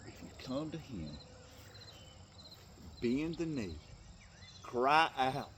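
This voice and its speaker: A man giving an impassioned, tearful Christian motivational talk to other men, swinging from hushed tones to loud bursts. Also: medium pitch, very animated, very slow, slight background noise. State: tearful at times. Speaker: faith speaker addressing men.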